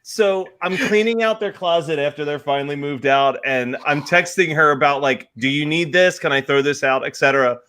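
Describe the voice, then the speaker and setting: A man's voice: fairly high pitch, normal speed, few pauses, sharp tone, clean tone. A young man with a Pennsylvania accent, co-hosting a casual chat and telling stories with a lot of laughing. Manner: laughing, rambling storyteller. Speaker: podcast co-host.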